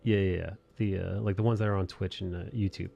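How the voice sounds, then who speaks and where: Laid-back young man, low voice, swearing casually. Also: fairly even intonation, fast, creaky, dark tone, lo-fi sound. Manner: laid-back, swears a lot, says "dude". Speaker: streamer host. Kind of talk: casual chat while drawing.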